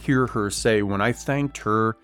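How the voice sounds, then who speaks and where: A man's voice: lowish voice, unhurried, fairly bright tone, soft background music. A man co-hosting a Christian podcast, talking conversationally and passing along a story. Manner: conversational, relates a story with quotes. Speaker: podcast co-host.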